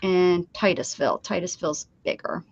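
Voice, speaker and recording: A woman's voice: on the low side, normal speed, breathy edge. A woman hosting a casual craft livestream, chatting and rambling with friends as she works, laughing often. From Pennsylvania. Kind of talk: casual chat while crafting. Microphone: desk setup with downward-pointed camera. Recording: slightly dull dry sound.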